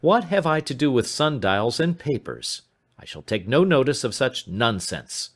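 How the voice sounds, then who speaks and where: A man voicing an obstinate, scornful older man who brushes off a threat with loud, blustering protests. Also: mid-range voice, very animated, a little slow.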